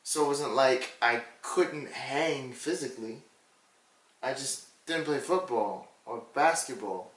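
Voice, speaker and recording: Measured male co-host, hesitant delivery, roomy echo, distant mic. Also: mid-range voice, fairly bright tone. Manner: measured, hesitant, asks questions. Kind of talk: casual conversation. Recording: echoey room, a little off-mic.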